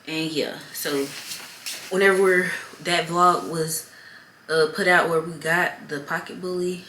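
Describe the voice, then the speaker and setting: Low-voiced young woman, frank vlog confession. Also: steady tone, takes it slowly, bright, forceful tone, slight background noise. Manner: frank, heavy-hearted, addresses viewers directly. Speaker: vlogger. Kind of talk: candid personal storytelling to camera. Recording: roomy echo with faint ambience.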